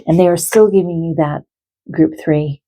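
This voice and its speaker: A middle-aged woman giving a gentle, heartfelt spiritual card reading as an animal communicator, speaking directly to her viewers. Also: low voice, fairly even intonation, moderate pace, rough recording.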